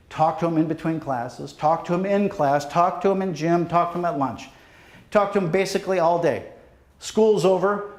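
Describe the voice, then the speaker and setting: A police deputy chief gives a safety talk to students, a motivational presentation in an echoey hall. His voice is fairly high, and he tells a dramatic story directly to the audience, pleading and dropping almost to a hush at the end.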